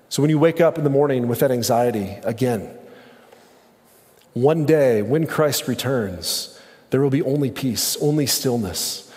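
A man's voice: fairly high pitch, darkish tone, big-room sound. An earnest man in his thirties preaching a sermon, building his points through repeated phrases and lists. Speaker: pastor.

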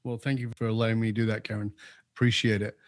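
A man's voice: lowish voice, flat delivery, fast talker, no room sound, studio quality. A man as an interview guest giving opinionated commentary, emphatic and repeating key points for force.

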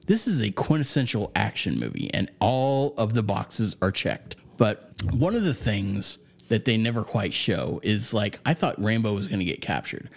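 A man's voice: lowish voice, very animated, normal speed, gravelly. A man co-hosting a podcast, chatting loosely about a film with a lot of swearing and filler words. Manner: rambling and profane, with lots of fillers. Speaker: podcast co-host reviewing a film. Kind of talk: casual chat.

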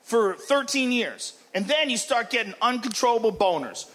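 A man doing a stand-up comedy routine in a club, profane and shouting his punchlines while acting out characters. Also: very high-pitched, lively intonation, normal speed. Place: comedy club stage with laughing audience. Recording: live club recording with crowd laughter and noise.

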